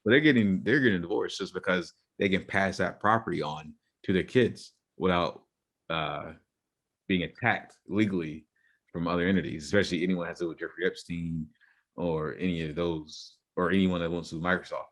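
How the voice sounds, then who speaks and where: A man's voice: sits low, normal speed, fairly bright tone. A young man co-hosting a casual podcast, arguing his points and laying out theories, often repeating himself. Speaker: podcast co-host.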